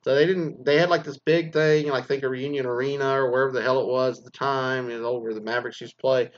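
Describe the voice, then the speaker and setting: A man in his forties rants about the old days, cursing nonstop in a loose, animated storytelling flow. His voice sits at an ordinary middle pitch. The audio is a bit dull and lo-fi. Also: fast talker. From Mesquite, Texas. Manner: crude, swears constantly, animated storytelling. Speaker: former teacher. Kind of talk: profane casual rant.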